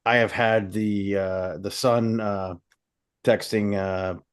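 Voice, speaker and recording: A man's voice: on the low side, fairly even intonation, slow pace, clear, resonant tone. A man co-hosting a podcast, speaking hesitantly with many ums and uhs over a video call. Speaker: podcast co-host. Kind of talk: casual chat.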